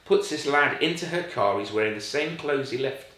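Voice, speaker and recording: A man, a foster parent telling stories in casual, animated chat and acting out the voices of the people in them. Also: mid-range voice, moderate pace. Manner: animated, acts out quoted voices. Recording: very echoey room.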